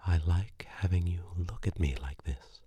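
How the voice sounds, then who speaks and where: Mann spricht eine schüchterne junge Frau. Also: male voice, medium pitch, big pitch swings, slow pace, no echo, pitched above the performer's own voice, heavily acted. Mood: shy. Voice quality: hesitant, soft and breathy. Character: shy reluctant young woman.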